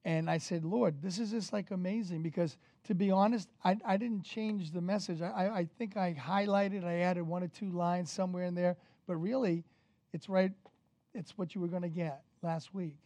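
A man preaching a sermon as pastor, energetic and conversational, with casual fillers. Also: high voice, normal speed, no room sound.

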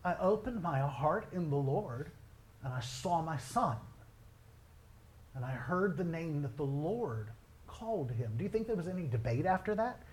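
Animated storytelling male preacher. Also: a little high, normal speed. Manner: storytelling, animated, quoting others in his own voice. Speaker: pastor. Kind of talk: sermon.

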